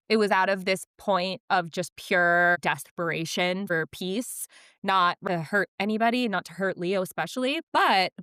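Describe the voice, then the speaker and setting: A woman's voice: mid-range voice, fairly bright tone, smooth, dry recording, studio quality. A woman in her thirties co-hosting a podcast, telling family stories candidly and with feeling. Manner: candid, emotional storytelling with quoted voices. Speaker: podcast co-host. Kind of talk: casual chat.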